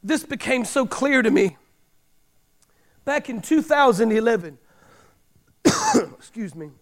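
High-voiced preaching man. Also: very animated, slow. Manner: preacherly, repeats key lines for emphasis, bursts of loud emphasis. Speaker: pastor. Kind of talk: sermon.

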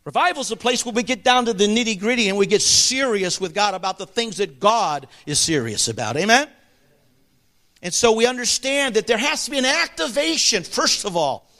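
Preacher guy with a high bright voice, emphatic sermon, goes loud then real quiet, keeps asking the crowd to agree. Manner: emphatic, swings between ringing highs and hushed lows; asks the congregation for agreement.

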